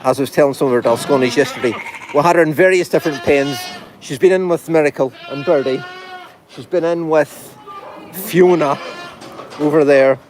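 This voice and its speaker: A man's voice: a little high, moderate pace, music in the background. A man hosting a casual farm video, chatting and cooing affectionately at his goats in an animal pen, filmed on a phone. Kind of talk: casual talk to animals and viewers.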